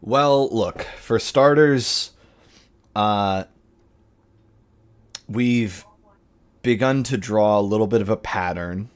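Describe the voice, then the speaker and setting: A man voicing a former mobster who speaks with halting, overly formal politeness. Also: lowish voice, clear, resonant tone. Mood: gruff, formal.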